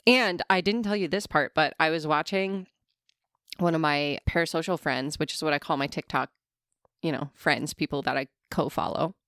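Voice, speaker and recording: A woman's voice: sits low, normal speed, a bit bright, no echo, clean studio sound. A woman in her thirties co-hosting a podcast, chatting casually and joking with frequent laughter. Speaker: podcast co-host. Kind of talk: casual chat. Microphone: podcast mic.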